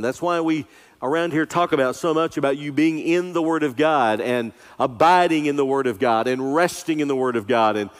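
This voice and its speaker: Man, pastor, sermon, emphatic and earnest, slightly high voice, long hall reverb. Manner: earnest, emphatic preaching, slowing on scripture.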